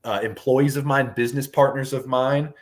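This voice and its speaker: A man in his thirties, a fishing guide hosting a casual podcast, talking in an animated, rambling way and saying "dude" a lot. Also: medium pitch, normal speed.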